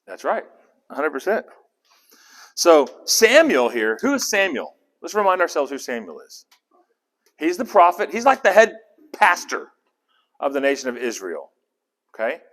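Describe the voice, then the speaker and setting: A man leading a casual Bible study, animated and conversational, often asking the group questions. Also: fairly high pitch, moderate pace, long pauses.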